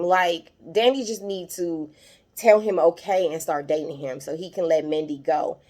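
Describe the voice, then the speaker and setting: Lady recapping her show, low-ish voice, chatty and opinionated, gets loud and high when she's fired up. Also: brisk. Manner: chatty and opinionated, says "child" and "honey" often; animated, rises high when worked up. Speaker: TV episode recap host. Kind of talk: casual recap and review.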